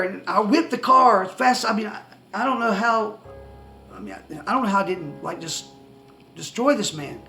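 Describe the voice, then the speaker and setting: A man telling a personal testimony story to the camera, excitable and rambling with many restarts. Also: sits high, rough recording. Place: indoors, seated facing the camera.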